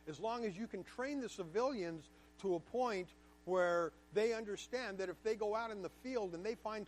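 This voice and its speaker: High-voiced man telling his story emphatically. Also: slight background noise. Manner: emphatic, candid, repeats words for stress. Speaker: guest speaker to a class. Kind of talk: personal storytelling lecture.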